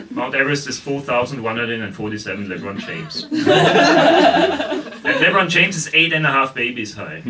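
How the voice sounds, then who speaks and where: A man's voice: medium pitch, sharp tone, distant mic, a little hiss or hum. A man with a German accent doing a stand-up comedy set with sardonic, mock-incredulous asides. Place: basement comedy club stage.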